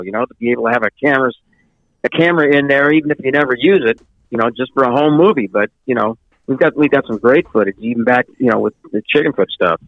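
A man's voice: mid-range voice, no echo, phone-quality sound. A man guesting on a radio show, rambling with many restarts. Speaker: bassist guest. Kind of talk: casual interview chat.

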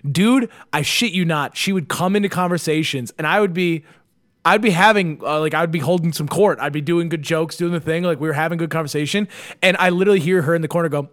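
A man co-hosting a podcast, telling a story in casual, animated chat and acting out the people in it. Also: a little high, fairly quick. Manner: animated, acts out quotes, swears a lot. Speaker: podcast co-host.

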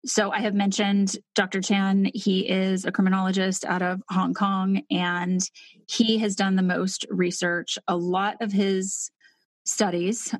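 A woman's voice: mid-range voice, dry recording. A woman co-hosting a podcast who explains casually, thinks aloud, and uses many fillers and restarts. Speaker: podcast co-host.

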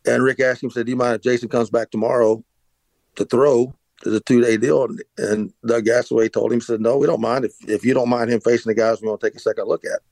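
A man's voice: mid-range voice, level tone, fast, vocal fry, darkish tone, no echo, rough recording. A middle-aged man, telling a long rambling story about his past as an interview guest, with many restarts and fillers. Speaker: interview guest, former pitcher. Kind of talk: casual storytelling.

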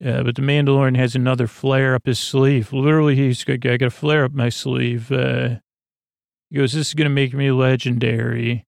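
A man rambling through a deadpan comedic recap of a TV episode, halting often with fillers and restarts. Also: medium pitch, vocal fry, dry recording, clean studio sound. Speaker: podcast host recapping an episode.

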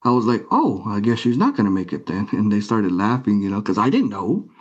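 A man with a low voice tells his own story with feeling. He acts out each exchange, voicing the others' lines as he recounts them. The sound is dull and lo-fi. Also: sing-song, fairly quick, slightly rough. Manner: retells scenes by acting out quoted dialogue. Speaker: guest. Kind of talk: emotional personal storytelling. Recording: muffled lo-fi recording.

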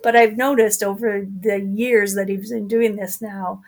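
A woman guest tells lively stories in a casual interview. She laughs often and slips into the voices of the people in her tales. Her voice sits in a middle register. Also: mid-range voice, a little slow. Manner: animated, laughs often, acts out quoted lines. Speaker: guest, crew for an ultrarunner husband.

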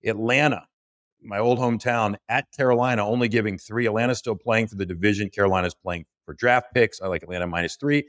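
A man with a fairly low voice works through his sports picks one after another, brisk and chatty. He talks like a regular co-host among friends. The sound is dry and close-miked. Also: fairly bright tone, no echo. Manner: brisk, rattles off betting lines and picks. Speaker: podcast co-host. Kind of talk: casual podcast chat.

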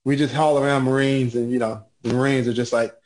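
A man's voice: medium pitch, a little fast. A man telling stories from his Navy service as a podcast guest, laughing often and briefly mimicking shipmates. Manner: laughing, animated impressions of shipmates. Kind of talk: casual storytelling.

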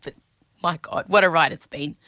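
A middle-aged Australian woman hosts a casual podcast monologue in a low, sharp-toned voice at normal speed. She talks candidly and anxiously and swears freely. The studio-quality recording has no room sound.

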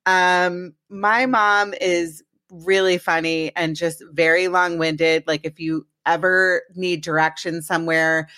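A woman's voice: low-pitched, fairly bright tone, no echo, clean studio sound. A woman hosting a podcast, telling rambling personal stories in a casual chat before introducing her guest. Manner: chatty, rambling storytelling. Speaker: podcast host.

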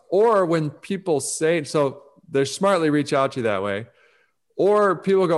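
Animated man giving advice. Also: fairly high pitch, moderate pace. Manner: animated, acts out quoted voices. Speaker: guest speaker on focus and success. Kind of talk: conversational advice talk.

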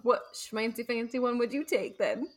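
A woman's voice: a little high, normal speed. A woman co-hosting a podcast in casual chat, teasing and giggly. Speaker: podcast co-host.

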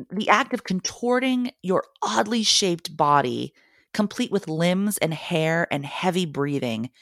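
Woman host, low voice, wry essay reading, dry close sound. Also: a bit bright, no room sound. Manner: wry, humorous storytelling. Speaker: podcast host and mother. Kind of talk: reading a personal essay aloud.

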